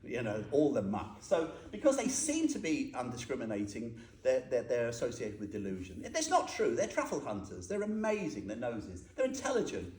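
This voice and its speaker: A man's voice: medium pitch, wildly swooping pitch, normal speed, hardly any pauses, a little mellow. A man giving an informal, humorous Buddhist talk, quizzing his listeners as he goes. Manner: chatty and humorous, asks the audience questions. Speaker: Buddhist teacher. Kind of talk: informal dharma talk to a group. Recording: echoey room with faint noise.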